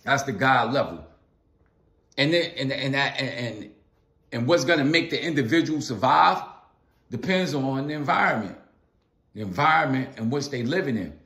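A man's voice: mid-range voice, lively intonation, moderate pace, long pauses, a bit bright. A man vlogging a casual philosophical monologue, repeating phrases for emphasis and calling out to his viewers in loose slang. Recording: echoey room.

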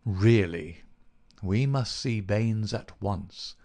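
Man reading as a keen, assured detective, gravelly voice, storybook reading. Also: fairly low pitch, very slow, a little mellow, full character voice. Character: brisk, keen male detective, confident.

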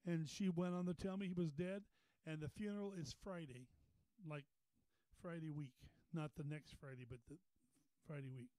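A man's voice: fairly high pitch, fairly even intonation, normal speed, dark tone, no echo, poor audio. A man preaching at a Bible study, telling a story in a folksy way with repeated words, rising into fervent preaching. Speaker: pastor. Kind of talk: storytelling sermon. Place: Bible study meeting room.

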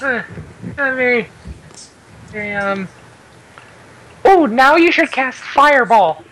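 A woman's voice: fairly high pitch, expressive, fairly bright tone, a little hiss or hum, rough recording. A woman playing a tabletop game, joking and giggling in casual chat. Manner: playful, giggly, drawn-out speech. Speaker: player.

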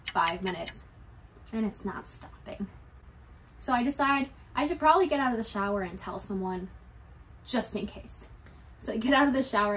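A young adult woman who makes YouTube videos candidly tells her vlog viewers a personal story. Her voice is a little high, and her delivery is conversational and lightly humorous.

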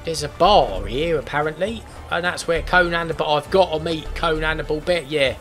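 A man's voice: fairly high pitch, normal speed, a bit bright. A man chatting cheekily over gameplay, full of slang and jokes. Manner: cheeky, joking banter with slang. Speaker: gaming youtuber. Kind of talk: casual gameplay chat. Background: game music.

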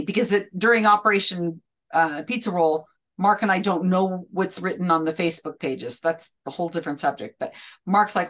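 Woman, podcast host, casual chat, animated storytelling, acts out quotes. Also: fairly low pitch, normal speed.

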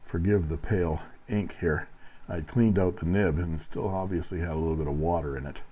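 A man's voice: low-pitched, brisk, mellow, breathy edge, low-quality recording. A man narrating a fountain pen review, with dry, wry humor between demonstrations.

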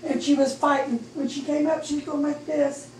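A woman's voice: high voice, level tone, brisk. Emotional middle-aged woman, echoey church. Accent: Midwestern American. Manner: emotional, rising to near-shouting when recounting praise. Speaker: church member giving testimony. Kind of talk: personal testimony in church. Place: church sanctuary. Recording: echoey room, distant mic, faint noise.

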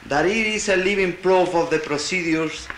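Man, high voice, halting with restarts, conference speech, echoey 1960 hall tape. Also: fairly bright tone, slight background noise. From Latin America. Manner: halting, with restarts and wry asides. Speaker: conference delegate. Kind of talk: conference speech, partly reading a paper aloud.

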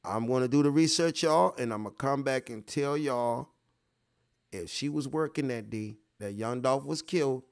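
A man's voice: mid-range voice, moderate pace. Rambling, profane man talking to his viewers. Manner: rambling, profane, repeats himself, talks straight to viewers. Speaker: online show host. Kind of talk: casual livestream commentary.

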